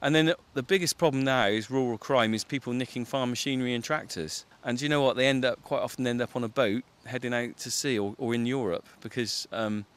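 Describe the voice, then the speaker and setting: A farmer leads a walk around his land, talking fast and casually and explaining things as he goes with plenty of fillers. The man's pitch sits in a middling range. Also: clean tone. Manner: chatty, explanatory, with filler words. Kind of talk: casual chat on a farm walk. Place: outdoors on a farm.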